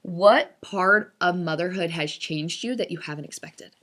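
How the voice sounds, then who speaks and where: A woman's voice: lowish voice, measured pace. A woman co-hosting a podcast, asking questions and responding supportively. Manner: warm, encouraging interviewer. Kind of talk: casual chat.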